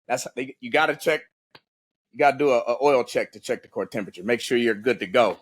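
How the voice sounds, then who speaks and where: Husky-voiced man telling a story. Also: medium pitch, a little fast. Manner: animated, profane, acts out voices in his stories. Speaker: podcast guest, former Navy SEAL. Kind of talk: casual storytelling in an interview.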